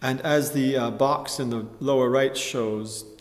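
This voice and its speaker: A man teaching a chant tutorial, explaining slowly and carefully and often clearing his throat. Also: mid-range voice, fairly even intonation, in a large hall. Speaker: music teacher.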